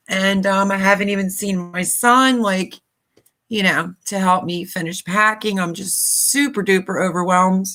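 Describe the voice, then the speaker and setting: A middle-aged woman from Pennsylvania, USA, hosts a YouTube live stream, her medium-pitched, fairly bright voice moving at a measured pace with fairly even intonation. She is choked up and close to tears, apologizing and rambling with lots of fillers in emotional, casual live-stream talk.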